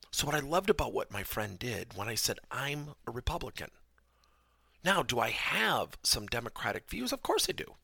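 Man, podcast host, gravelly, lively pitch swings, emphatic, dry close sound. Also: no room sound. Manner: animated, emphatic, rhetorical questions. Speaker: podcast host and workplace trainer. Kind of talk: podcast lesson with personal stories.

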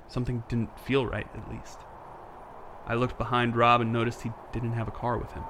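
An actor playing a tired, frightened young father who narrates a horror story in first person, tense and hushed. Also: mid-range voice, monotone, normal speed, slight background noise, lightly acted. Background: music.

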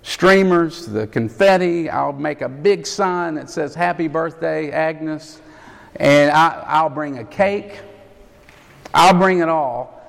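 A man's voice: a little high, takes it slowly, vocal fry. A man voicing an earnest male pastor in a plain, matter-of-fact tone. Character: earnest male pastor telling his story. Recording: echoey hall.

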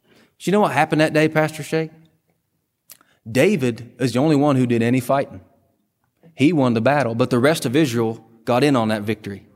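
A male pastor preaches with fervor at a middle pitch, surging upward on key phrases and sinking to near-whispers. His voice rings out with a long reverb through the church sanctuary. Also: a little fast, long pauses. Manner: impassioned preaching with sudden pitch leaps and hushed drops. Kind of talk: sermon.

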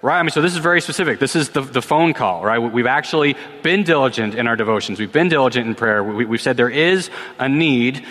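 A man, a pastor in his thirties, preaching and answering questions in a relaxed, conversational way, often repeating a word as he starts a sentence. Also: medium pitch, fast talker, hardly any pauses. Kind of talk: sermon with Q&A. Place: church sanctuary. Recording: long reverb of a church hall.

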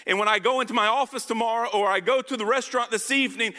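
A man delivers a sermon with an emphatic, urging manner, pressing the congregation for answers. His voice sits high and sounds very bright and sharp. It rings out with a long reverb from a large hall. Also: fast, hardly any pauses. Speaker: pastor.

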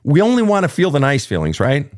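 A man's voice: fairly high pitch, quick pace. A man hosting a live advice talk show, answering listener questions in a blunt, profane and emphatic way. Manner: animated, acting out emotional outbursts. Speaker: podcast host.

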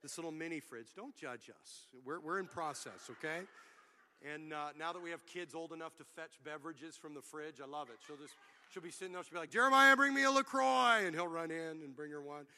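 Bright-voiced preacher man, joking then fervent. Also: fairly high pitch, fairly quick. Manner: humorous storytelling, building to loud preaching. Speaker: pastor. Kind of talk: sermon.

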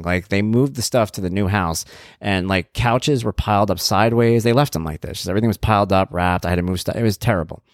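A man casually telling a personal story in an animated way, acting out what people said. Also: sits low, no echo, clean studio sound. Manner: animated, acts out quoted exchanges; conversational with fillers and swearing.

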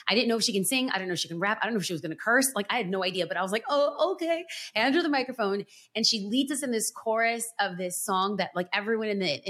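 A woman church planter, a podcast guest, telling an emotional personal story with earnest, animated delivery. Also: mid-range voice. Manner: animated, earnest, pace swings from rapid to drawn out.

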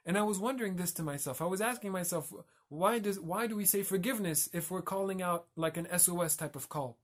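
A man's voice: high-pitched, fast talker. A man giving a reflective religious talk as a teacher, explaining and carefully pronouncing Arabic terms.

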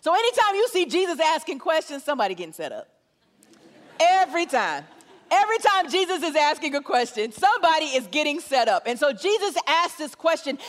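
Lively high-voiced woman preacher. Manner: animated, conversational preaching with repetition. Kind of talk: sermon. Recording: long hall reverb.

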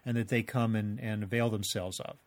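A man hosting an interview podcast, reading a scripted introduction and then asking guests measured questions. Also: on the low side, fairly even intonation, no echo. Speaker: podcast host.

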